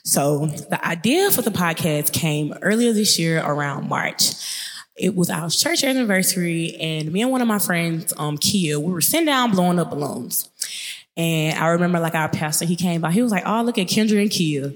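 A woman's voice: lowish voice, normal speed. Chatty Mississippi-accented young woman. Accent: Mississippi Southern. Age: 20s. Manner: chatty, upbeat, speeds up when excited. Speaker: podcast host. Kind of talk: casual podcast monologue. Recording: long reverb.

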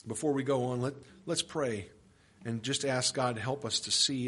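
A man's voice: medium pitch, steady tone, normal speed, bright, forceful tone, slight background noise. A man preaching an expository sermon as pastor, emphatic and full of rhetorical questions.

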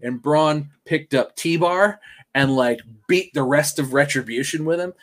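A man co-hosting a podcast, talking in a rambling, excitable way with lots of fillers and restarts. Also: on the high side, unhurried. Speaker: podcast co-host. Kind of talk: casual chat.

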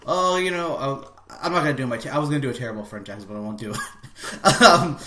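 A man's voice: mid-range voice, lively intonation, very fast, pushed and bright. Laughing American man in an echoey room. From United States. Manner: rambling, laughs often, restarts often. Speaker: podcast host. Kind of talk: casual chat. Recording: echoey room, faint background noise.

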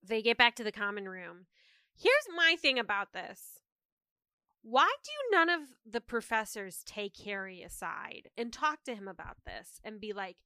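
A woman co-hosting a podcast, recapping a book chapter in animated, casual chat. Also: fairly high pitch, unhurried, smooth, no room sound. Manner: animated storyteller, acts out quotes. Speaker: podcast co-host.

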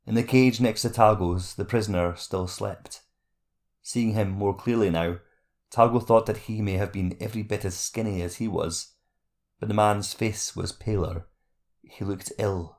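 A man narrating a fantasy audiobook chapter in a steady, measured reading voice. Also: lowish voice.

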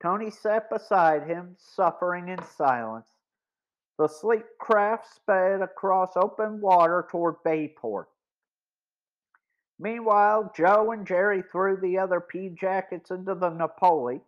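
A man narrating a boys' mystery audiobook in a measured, deliberate reading. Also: high-pitched. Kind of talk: scripted story narration. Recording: dull lo-fi recording.

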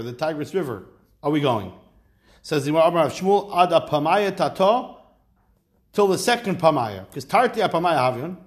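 A man with a fairly high voice teaching a Talmud class in a relaxed way. He reads the Aramaic text, then explains it in plain talk with dry, joking asides.

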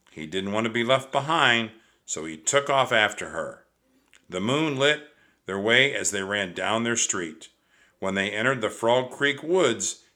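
A man narrating a children's book aloud in a slow, measured, expressive way. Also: fairly low pitch.

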